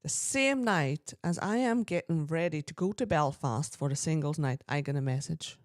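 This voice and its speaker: A woman's voice: deep voice, normal speed, no echo, studio quality. Chatty woman storyteller. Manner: chatty, quotes people in lively voices, frequent throat clearing. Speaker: podcast co-host. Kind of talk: casual storytelling chat.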